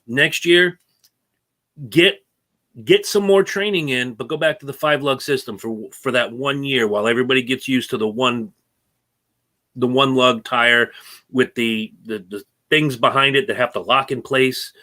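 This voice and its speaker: A man talks racing on a casual podcast with a bright, forceful voice. He is opinionated and animated, ranting freely about the sport's rules. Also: medium pitch, moderate pace. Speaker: co-host.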